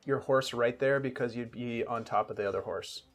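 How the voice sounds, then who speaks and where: A man's voice: mid-range voice, moderate pace. Easygoing male game master narrating combat. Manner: easygoing, describes combat vividly.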